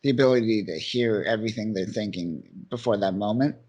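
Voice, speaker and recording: A man's voice: fairly low pitch, fairly quick, a little mellow, slightly rough. Laid-back man recapping comics. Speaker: podcast co-host. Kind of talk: casual comic book chat.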